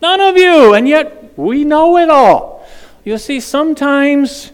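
A man's voice: extremely high pitch, animated, slow, long reverb tail. A man preaching a sermon, dramatic and questioning the congregation directly. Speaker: pastor.

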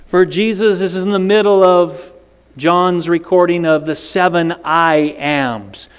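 Man, pastor, sermon, slow deliberate delivery, dramatic, long echo of a church. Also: high voice, smooth. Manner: dramatic, questions the congregation.

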